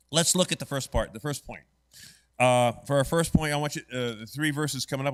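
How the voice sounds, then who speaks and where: A man's voice: medium pitch, a bit bright, clean tone. A man teaching an adult church Bible study class in a church classroom, conversational and often quizzing the class with "right?".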